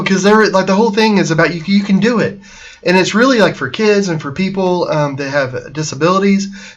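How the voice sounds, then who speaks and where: A man's voice: fairly high pitch, fairly bright tone, dull audio. A man hosting a casual show from his art studio, talking in a rambling way with many fillers and restarts. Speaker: painter and host.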